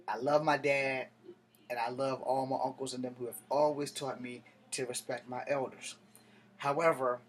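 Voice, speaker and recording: A man's voice: mid-range voice, a little hiss or hum. A man in his thirties telling a story to camera, rambling and heated, with plenty of cursing. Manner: profane, heated, digressive street talk. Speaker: vlogger.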